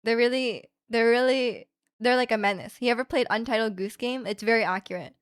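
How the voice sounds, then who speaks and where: A woman's voice: a little high, a little fast, smooth, no echo, studio quality. A young woman livestreaming from home, chatting in a rambling way and reading out viewer comments with light laughs.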